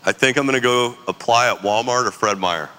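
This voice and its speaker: A man's voice: mid-range voice, fairly quick, pushed and bright, smooth, big-room sound, natural voice. A man voicing his easygoing younger brother, who talks in loose slang. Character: laid-back young man, the storyteller's brother.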